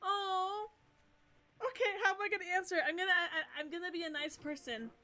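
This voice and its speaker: A woman streamer reading a visual novel aloud and gushing excitedly between lines, often giggling. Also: extremely high pitch, brisk.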